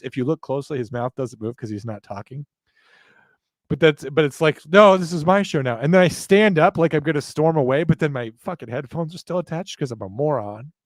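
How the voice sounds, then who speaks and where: A man's voice: medium pitch, dry recording. Rambling, self-mocking male host. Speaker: show host. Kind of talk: casual live chat.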